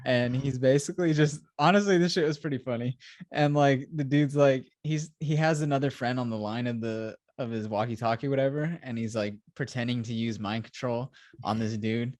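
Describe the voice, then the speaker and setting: A podcast co-host with a mid-range, darkish voice talks at normal speed in clean, dry studio sound. In this casual review chat he rambles through scenes like a storyteller, acting out quotes with "he's like" and laughing often.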